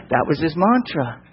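A man's voice: fairly high pitch, muffled recording, slight background noise. Emphatic preacher man, reverberant hall. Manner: emphatic, repetitive, rhetorical questions. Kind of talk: sermon.

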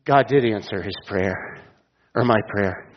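A man's voice: fairly low pitch, measured pace. A middle-aged man preaching a sermon, telling stories and asking the listeners direct questions. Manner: storytelling, asks listeners direct questions, chuckles at own jokes. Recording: dull sound with long hall reverb.

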